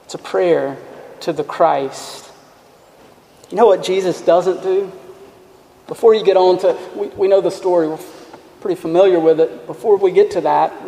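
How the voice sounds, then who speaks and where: A man preaching a sermon in an earnest, emphatic way, dropping to quiet asides. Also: sits high. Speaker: pastor. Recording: echoey hall with long reverb.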